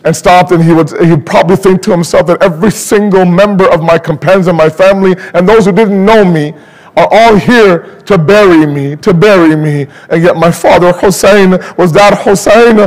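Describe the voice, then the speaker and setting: Male preacher, high voice, emotional grieving sermon storytelling at a religious gathering. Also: in a large hall, low-quality recording. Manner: emotional, rising to high pleading pitch in grief passages; slows and stretches words for emphasis. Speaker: speaker at a mourning gathering. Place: community religious center.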